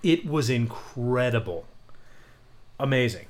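A young adult man hosting a podcast in a relaxed, rambling way, full of fillers and offhand swearing. His voice sits at an ordinary middle pitch. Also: slow. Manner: rambling, loose, swears casually. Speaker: podcast co-host. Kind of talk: casual chat.

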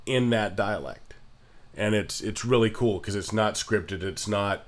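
A man co-hosting a casual podcast chat, explaining accent resources in a measured, informative way. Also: lowish voice.

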